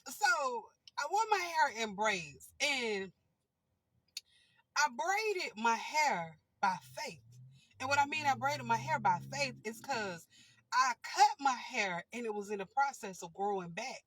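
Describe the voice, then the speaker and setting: Woman vlogger, chatty, keeps cracking up, slightly high voice, dry close sound. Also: expressive, normal speed, a bit bright, husky, no echo, poor audio. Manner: giggly, keeps fighting back laughter; chatty, repeats and restarts. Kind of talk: casual storytelling.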